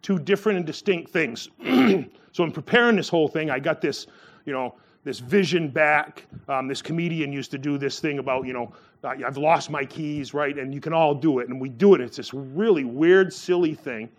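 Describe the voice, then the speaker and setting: A man giving a sermon in a loose, conversational way, full of fillers and restarts, who jumps up in pitch when he acts out the people in his stories. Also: normal speed. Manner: acts out quoted voices with a sharp rise in pitch. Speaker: preacher.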